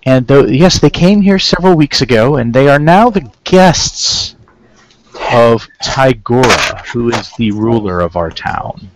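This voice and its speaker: A man voicing an older Oread councilman with cracked, stony skin who speaks formally and haltingly. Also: on the low side, vocal fry, a little hiss or hum, poor audio. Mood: grave.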